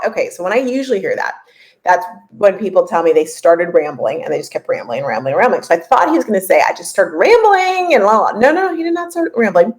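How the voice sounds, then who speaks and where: A woman in her forties hosting a casual podcast and coaching listeners, chatty and lively, often laughing and repeating points for emphasis. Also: mid-range voice, low-quality recording. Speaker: podcast host and business coach.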